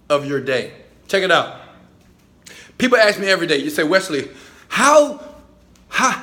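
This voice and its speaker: A man giving a hyped motivational talk to his phone camera in a high-rise apartment, chanting and repeating phrases. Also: a bit bright. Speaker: motivational speaker.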